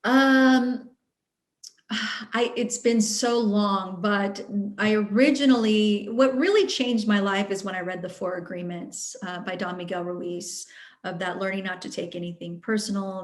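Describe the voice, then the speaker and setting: A woman's voice: medium pitch, steady tone, measured pace, roomy sound. A woman answering audience questions in a casual, earnest way, sometimes acting out her own inner voice. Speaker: workshop speaker.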